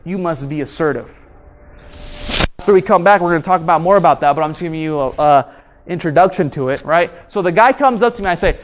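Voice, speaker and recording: A man's voice: sits high, fast talker, slight background noise. A man giving a motivational training talk to an audience about conflict, acting out the people in his stories. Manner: animated, acts out dialogue with voice changes. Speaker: speaker and trainer.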